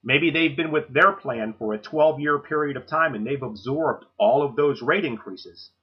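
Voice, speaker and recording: A man with a husky, slightly rough voice talks through a sales training session. He coaches in a direct, no-nonsense way and keeps checking in with his listeners. The recording sounds muffled and lo-fi. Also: mid-range voice, normal speed. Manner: direct coaching, frequent "okay?" check-ins.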